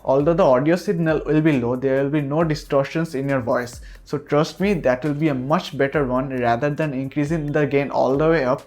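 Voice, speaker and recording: A man's voice: a little high, steady tone, moderate pace, hardly any pauses, darkish tone. A man giving a product review of a microphone, talking earnestly and reassuring the listener again and again, recorded on a USB desk mic. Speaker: tech reviewer.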